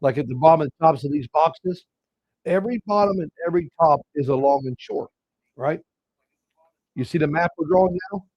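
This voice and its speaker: A man's voice: fairly high pitch, normal speed, no room sound. Male live-trading host, casual and chatty, keeps calling viewers "guys", dry dull lo-fi sound. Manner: casual, talks to viewers as "guys", walks through chart levels. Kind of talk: live market commentary.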